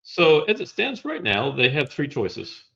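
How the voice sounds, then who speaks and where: A man walking through slides in a relaxed conversation, explaining step by step with a wry touch. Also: a little high, measured pace, gravelly, muffled recording. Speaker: guest presenting slides.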